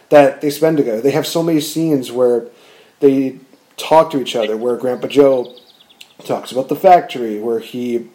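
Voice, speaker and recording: A man chatting casually about movies, rambling and animated, with frequent fillers and restarts. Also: medium pitch.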